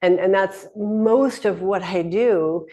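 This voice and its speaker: A middle-aged woman hosts a casual spoken teaching talk in a slow, mellow, medium-pitched voice. She rambles along, often restarting and laughing.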